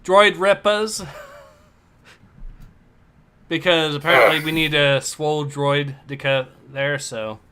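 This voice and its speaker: Male livestream host, upbeat, bright voice, a bit high. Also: steady tone, slow pace, pauses often, a little hiss or hum. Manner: upbeat, reads chat aloud, laughs often. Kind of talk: casual livestream chat.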